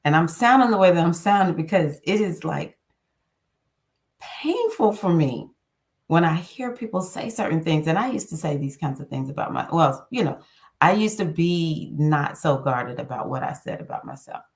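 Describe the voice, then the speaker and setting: Low-voiced woman giving earnest encouragement. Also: moderate pace. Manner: earnest, encouraging, animated self-talk asides. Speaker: spiritual self-help host. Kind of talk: casual inspirational monologue.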